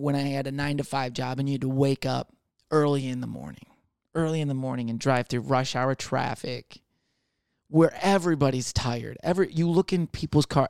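A young adult man, a comedian, riffing in a casual rambling monologue, swearing often and slipping into quick voices of other people. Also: mid-range voice, gravelly, darkish tone, clean tone, no echo, studio quality.

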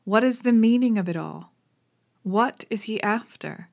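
A woman's voice: mid-range voice, a little slow, creaky. A woman reading the lines of an earnest male Victorian doctor, questioning his companion.

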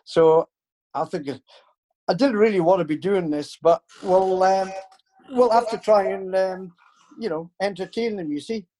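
A man's voice: high-pitched, measured pace, mellow. An older man, casually telling rambling anecdotes in an interview, full of fillers and restarts. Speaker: interview guest, former football club staff. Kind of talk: casual storytelling.

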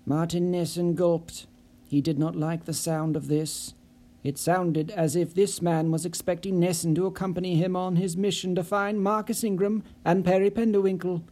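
A man narrating an unabridged novel in measured, even storytelling. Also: sits high. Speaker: audiobook narrator. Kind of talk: scripted narration.

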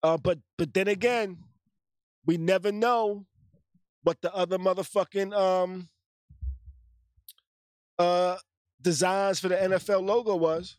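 A man's voice: high-pitched, steady tone, measured pace, pauses often, no room sound, clean studio sound. A man co-hosting a casual podcast, joking loosely and reading chat messages and statements aloud. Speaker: podcast co-host.

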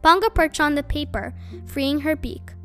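A woman reading a children's book aloud as host of her own storytime, in an expressive, animated way. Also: high-pitched, normal speed, faint music behind.

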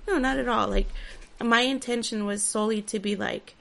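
A woman's voice: on the high side, steady tone, moderate pace, vocal fry, fairly bright tone. A woman in casual podcast chat, talking freely with lots of "like" and "you know". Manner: chatty, fills with "like" and "you know".

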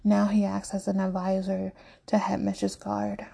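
A woman reading a story aloud in a hushed, often half-whispered delivery. Her voice is heavily gravelly, dark and husky. She keeps the tone flat and even throughout. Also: mid-range voice, moderate pace. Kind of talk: story narration.

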